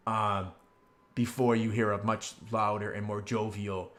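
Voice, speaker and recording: Guy dm narrating a fantasy game, lowish voice, lots of ums and uhs, laid back. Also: level tone, unhurried, a bit bright. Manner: casual, rambling, filler-heavy descriptions. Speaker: game master.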